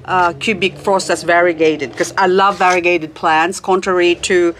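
Gushing, excitable woman showing off plants. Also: lowish voice, normal speed, a little hiss or hum. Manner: gushing, excitable, chatty, laughs often. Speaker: succulent channel host. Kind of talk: casual plant haul vlog.

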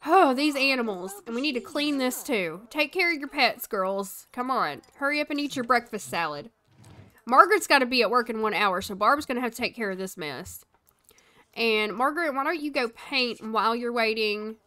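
A woman's voice: a little high, lively intonation, moderate pace, bright, forceful tone. A young woman streaming a life-sim game, chatting casually, telling her characters what to do and answering her chat. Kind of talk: live gameplay commentary.

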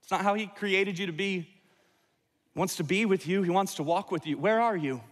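A man's voice: high-pitched, fairly even intonation, moderate pace, long reverb tail. A man preaching a sermon as pastor, earnest and repeating words as he restarts phrases. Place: large church sanctuary.

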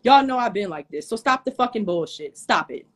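Speaking a little fast, the livestream host uses an expressive mid-range voice. Into her phone, sweaty and overheated, she hurls angry, profane, confrontational words at a rival.

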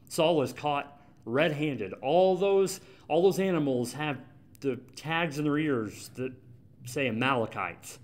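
A man's voice: a little high, takes it slowly. A man preaching a sermon as pastor in a church, conversational and emphatic, repeating his key points. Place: church sanctuary.

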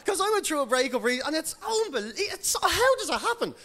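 An Irish man doing a stand-up routine in a comedy club, animated and laughing as he acts out quotes. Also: extremely high pitch, brisk. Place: comedy club with live audience. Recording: loud audience laughter, background noise.

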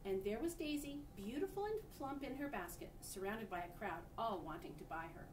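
Reading a picture book to a group of children, this storybook reader gives an expressive performance and stops to show them the pictures. Her voice is captured from a distance in an echoey space with a low rumble underneath.

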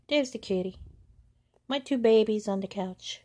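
A woman's voice: medium pitch, a little slow, mellow. A woman filming her cats at home, talking to them in a doting, cooing voice. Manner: doting, cooing baby talk to pets. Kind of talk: casual home video. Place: home, indoors.

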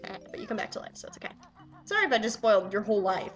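A young woman swearing and yelling excitedly at the game she plays while commenting. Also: medium pitch, very fast, highs cut off, soft background music. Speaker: let's player. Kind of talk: casual gameplay commentary.

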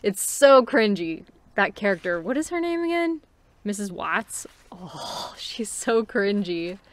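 A woman's voice: medium pitch, sing-song, unhurried. A woman with a Californian accent, talking casually about a book she read, rambling with fillers and little laughs. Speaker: book reviewer. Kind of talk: casual book review talk. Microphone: home recording, unedited.

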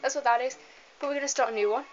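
Young woman rambling and giggling over a game at home, slightly high voice, muffled camera audio with a bit of hiss. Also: racing. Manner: chatty, giggly, rambling asides. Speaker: let's play gamer. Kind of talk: casual gameplay commentary. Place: home room, moving away from the camera at times. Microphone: camera mic.

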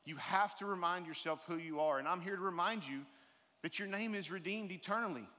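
Bright, high-voiced preacher in a hall. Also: male voice, brisk. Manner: earnest, builds to emphatic preaching. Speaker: guest speaker. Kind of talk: sermon. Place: church sanctuary. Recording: reverberant hall.

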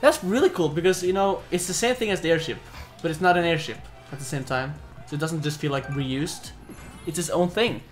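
A young man casually commentating a co-op platform game, excitable, cursing often and bursting into loud laughter. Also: on the high side, a little fast, soft background music. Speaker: gaming video host. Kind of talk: casual let's-play commentary.

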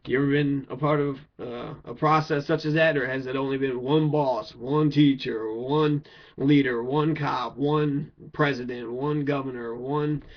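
This Kentucky political speaker has a steady, unhurried mid-range voice, yet his rant is heated and blunt, laced with swearing and rhetorical questions. The recording is dull and lo-fi.

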